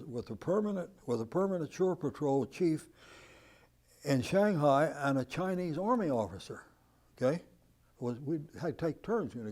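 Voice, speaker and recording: A man in his nineties, from the United States, recounts his wartime memories to an interviewer. His voice is mellow and warm, at an ordinary pitch for a man, and he tells the story with animation, chuckling along the way. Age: 90s. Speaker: veteran interviewee.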